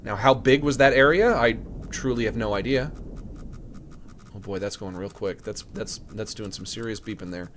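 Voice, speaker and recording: A man live-streaming a game, talking casually and joking, breaking into high shouts of disbelief. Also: normal speed, a little hiss or hum. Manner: animated, jokey, bursts into high shouts of disbelief. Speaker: streamer playing a horror game.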